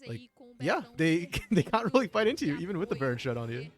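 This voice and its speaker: A mid-pitched caster from outside the United States calls an esports match with a voice that swoops up and down. They react out loud to each play and fall back into easy chat between fights. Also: fast. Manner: excitable, reacts out loud to the plays.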